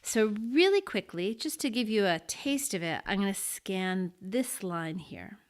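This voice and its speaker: A woman teaching an introductory lesson, explaining things slowly and deliberately and pausing as she marks examples. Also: mid-range voice, lively intonation. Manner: slow and deliberate, pausing to mark syllables. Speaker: Latin teacher. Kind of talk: slow, careful lesson explanation.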